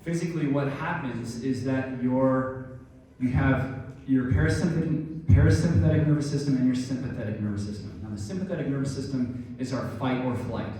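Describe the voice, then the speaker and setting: A man's voice: mid-range voice, brisk, warm tone, distant mic, a little hiss or hum. A middle-aged man giving an instructive talk on stress and injury, explaining things and speaking straight to his listeners, recorded in a very echoey room from off-mic. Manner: explanatory, addresses listeners directly. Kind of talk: instructive talk with a guided breathing exercise.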